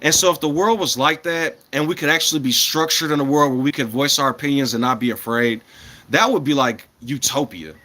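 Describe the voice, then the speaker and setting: A man in his thirties chatting casually to his livestream audience, rambling from point to point, chuckling often and swinging between loud bursts and mumbled asides. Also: fairly high pitch, fairly quick. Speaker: livestreamer talking to chat.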